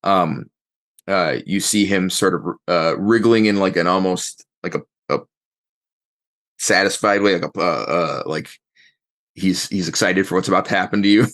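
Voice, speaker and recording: A man's voice: low-pitched, moderate pace, a bit bright. A man narrating as game master, rambling and thinking aloud as he describes the scene.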